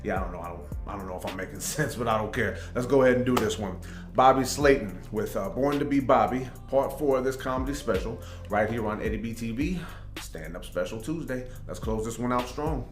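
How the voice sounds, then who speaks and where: A man's voice: mid-range voice, a little fast, reverberant, over music. A man hosting a reaction video, talking in a laid-back, casual way with lots of fillers. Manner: laid-back, filler-heavy, laughs along. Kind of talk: casual chat.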